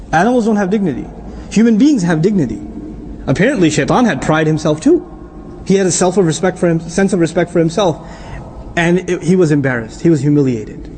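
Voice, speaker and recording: A middle-aged man giving an animated religious lecture as an Islamic teacher, often quizzing his audience. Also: on the high side, slight background noise.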